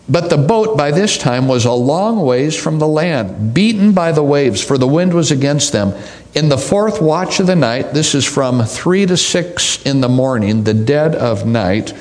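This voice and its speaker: A man preaching a sermon, reading scripture aloud and expanding on it with deliberate pauses and repetition. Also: a little high.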